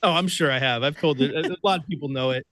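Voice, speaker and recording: He talks fast, his pitch on the high side. The speaker is an Oregon radio producer and host who, as a guest, tells an animated story with plenty of laughter, an excitable manner, and voices he acts out himself.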